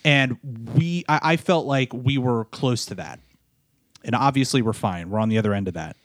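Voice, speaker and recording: A man of middling pitch tells a personal story, sounding tired. He halts, repeats himself and restarts his sentences. The sound is dry and close. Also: no room sound. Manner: halting, repeats words and restarts often. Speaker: podcast co-host, new father.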